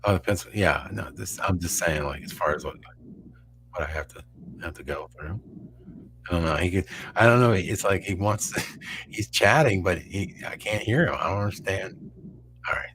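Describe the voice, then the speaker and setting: A man with a slight Texan drawl chats casually on a live stream. His voice sits fairly low, and he rambles, stopping and restarting his sentences. Faint background noise runs under his talk. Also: a bit bright. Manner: rambling, halting, many restarts. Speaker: co-host of a live show.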